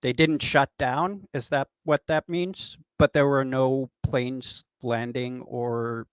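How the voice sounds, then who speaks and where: A mid-pitched man from Norway talks in casual English with an accent that sounds almost American. He hesitates often, filling gaps with "uh" and restarting his sentences. The recording is dry and close. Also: fairly even intonation, takes it slowly, clear, resonant tone, no echo. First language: Norwegian. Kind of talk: casual chat.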